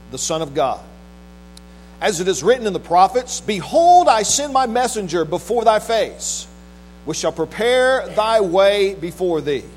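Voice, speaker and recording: A man's voice: sits high, low-quality recording. A male pastor reading scripture solemnly, then preaching with a few restarts. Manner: measured, solemn reading with restarts in plain talk. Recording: faint mains hum.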